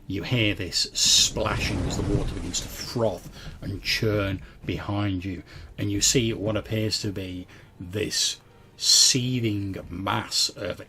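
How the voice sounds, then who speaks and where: Gravelly-voiced game master. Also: male voice, fairly low pitch, sharp tone. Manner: descriptive, with filler words. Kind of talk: narrating a tabletop game.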